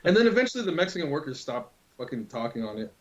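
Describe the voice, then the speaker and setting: A man's voice: fairly high pitch, sing-song, very fast. A man casually telling a long prank story to a friend, loose and full of swearing. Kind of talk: casual chat. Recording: dull lo-fi recording.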